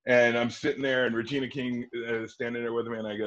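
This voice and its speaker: A man in his forties from Wisconsin, an actor telling stories in a casual interview and acting out quotes in a high excited voice. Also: quick pace, hardly any pauses. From Wisconsin, USA. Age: 40s. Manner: animated storyteller, acts out quotes in a high excited voice. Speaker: actor guest. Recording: dull lo-fi audio.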